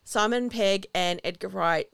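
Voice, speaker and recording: A woman recapping a film in relaxed podcast chat. Her voice is smooth and clear, recorded dry and close. She tells the story in an animated way, acting out the lines she quotes. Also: mid-range voice, unhurried, dry recording. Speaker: podcast co-host.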